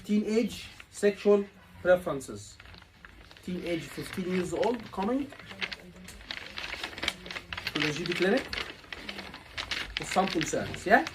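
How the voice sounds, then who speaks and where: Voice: medium pitch, animated, slow, pauses often, noisy background. A tutor coaching a room of students, repeating key points and asking rhetorical questions. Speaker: exam tutor. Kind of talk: live teaching session.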